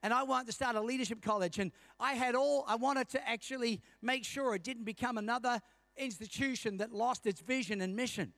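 A man's voice: extremely high pitch, a bit bright, no echo. A middle-aged man preaching a sermon as senior pastor, telling stories and calling for amens from the congregation.

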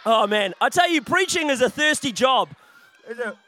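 Casting note: lively, jokey male youth preacher with a high, bright voice. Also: moderate pace, some chatter behind. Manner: chatty, jokey, often restarts phrases. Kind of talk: playful youth sermon with a volunteer.

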